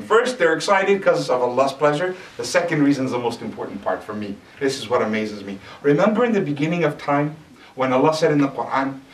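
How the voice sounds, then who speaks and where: Animated male preacher in an echoey hall. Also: fairly high pitch. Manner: animated, asks the audience questions. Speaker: mosque lecturer. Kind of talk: sermon. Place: mosque hall. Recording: echoey hall, distant mic.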